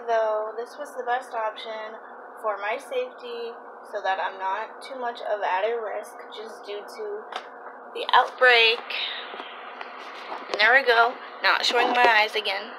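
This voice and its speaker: A young woman talking casually to camera in a home vlog, chatty and pausing to search for words. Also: a little high. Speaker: vlogger. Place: home, kitchen. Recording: noisy home ambience.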